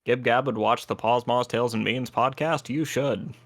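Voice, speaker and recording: A man chatting casually to stream viewers over voice chat, relaxed and rambling with lots of fillers. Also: mid-range voice, moderate pace, dry recording, clean studio sound. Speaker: tabletop game player and stream co-host. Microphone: voice chat microphone.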